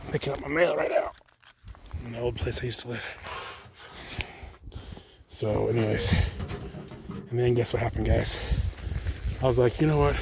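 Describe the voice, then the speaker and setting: A man's voice: medium pitch, quick pace, pauses often, background noise. A young man talking casually to viewers in a vlog, telling a personal faith story in a rambling, self-correcting way and calling them guys. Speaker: channel host. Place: outdoors, picking up mail.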